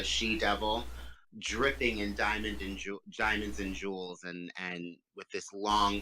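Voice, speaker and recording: A man running a tabletop game, slow and halting, filling pauses with ums as he describes the scene. His voice is bright and fairly low, with a faint hum of noise behind him. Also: rough recording. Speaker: game master.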